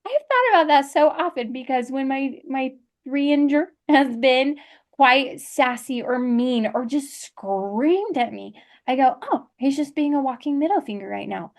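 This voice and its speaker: A woman's voice: high voice, animated, measured pace. A woman in her thirties, a life coach and co-host, telling a personal story in a chatty way. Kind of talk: casual chat, anecdote.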